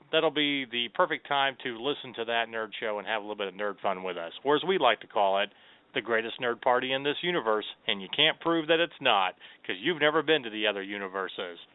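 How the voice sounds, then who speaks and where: A man's voice: mid-range voice, clear, resonant tone, no room sound. A man hosting a casual nerd talk show, upbeat and chatty, with rambling fillers. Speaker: podcast host. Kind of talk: casual radio show chat. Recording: tinny phone-like sound.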